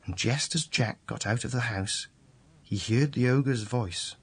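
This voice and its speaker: A man reading a fairy tale aloud, slow and deliberate. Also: mid-range voice, breathy edge. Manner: slow, deliberate, repetitive storytelling. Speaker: storyteller.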